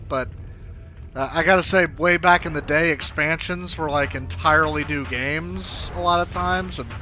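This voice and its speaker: A male speedrunner chats through his run in a slow, rambling way, full of fillers. His voice is bright and a little high, and faint game music plays behind him. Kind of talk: casual gameplay commentary.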